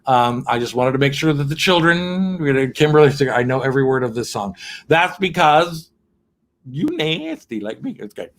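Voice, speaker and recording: Between numbers at his piano, a man hosting an online cabaret show chats campily and cheekily with his viewers, laughing often. His mid-range voice moves at a moderate pace with big swings in pitch.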